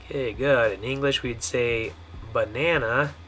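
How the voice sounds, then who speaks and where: Man teaching pronunciation slowly. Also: medium pitch, fairly bright tone. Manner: slow, drawn-out model words with frequent "okay?" checks. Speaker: Spanish teacher. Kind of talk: pronunciation lesson.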